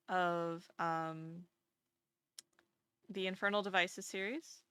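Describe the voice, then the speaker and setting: A woman streamer chatting casually to her viewers in a rambling, halting way full of fillers. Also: mid-range voice, pushed and bright, clean tone, no echo. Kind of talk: casual live-stream chat.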